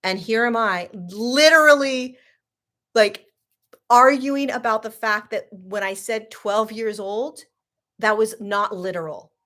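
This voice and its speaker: A woman hosting a casual talk, telling a personal story in an animated, laughing way that swings between loud and hushed. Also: fairly high pitch, slow. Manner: frequent 'like' and restarts, sarcastic. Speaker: host.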